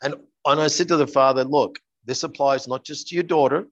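A man's voice: fairly high pitch, steady tone, fairly quick, no echo, lo-fi sound. A man speaking as an interview guest, earnestly telling stories and acting out the dialogue in them. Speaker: guest, coach. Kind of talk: interview storytelling.

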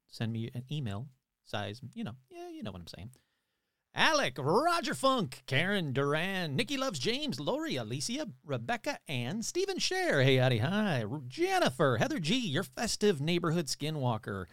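A man hosting a paranormal podcast in a casual, upbeat, rambling way, reading off playful shout-outs. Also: a little high, wildly swooping pitch, normal speed, no echo, clean studio sound. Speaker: podcast host. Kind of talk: casual chat.

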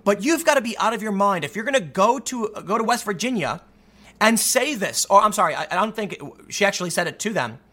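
A male commentator talks through the news on his own, reading out article passages and breaking in with emphatic rhetorical questions. His voice sits high for a man and swings widely in pitch. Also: fast talker. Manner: animated, emphatic, rhetorical asides. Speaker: political commentator. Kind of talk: solo political commentary reading news aloud.

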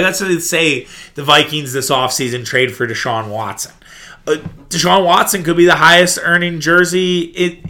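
A man's voice: mid-range voice, sharp tone. A man hosting a sports podcast, ranting in a profane, sarcastic, opinionated way. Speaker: podcast host.

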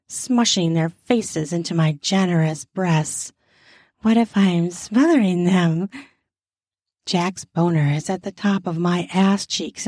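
Slow, low-voiced woman narrating. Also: dark tone, dry recording, clean studio sound. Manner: breathy moaning asides. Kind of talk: sensual first-person story narration.

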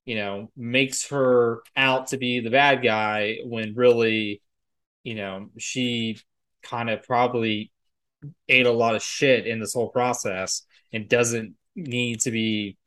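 A male podcast co-host talks about film and TV in a rambling, filler-heavy way, with frequent "like" and "you know" and the occasional swear. His mid-range voice is fairly even in intonation, unhurried, and a bit bright.

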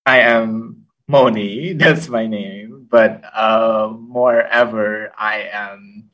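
A young man from Cambodia with a Cambodian accent, answering interview questions in unhurried, simple phrasing. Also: on the low side, steady tone, lo-fi sound. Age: young adult. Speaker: podcast guest and host. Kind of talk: interview conversation. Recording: voice from a distance.

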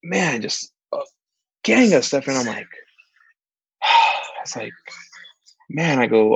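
A man co-hosting a casual chat, telling stories with lively, much higher put-on voices for the people he quotes. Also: takes it slowly, creaky, long pauses, breathy edge, dry recording, rough recording. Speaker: podcast co-host, church ministry worker.

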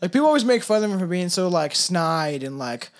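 A podcast co-host from Canada in loose, casual chat. The voice sits at a middle pitch. The talk rambles, full of swearing and laughter. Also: very animated, brisk. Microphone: headphones and mic, remote.

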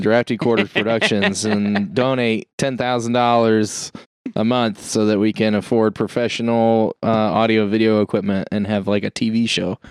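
A man co-hosting a podcast in casual chat, joking with sudden animated outbursts. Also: lowish voice, smooth, no room sound, studio quality. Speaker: podcast co-host.

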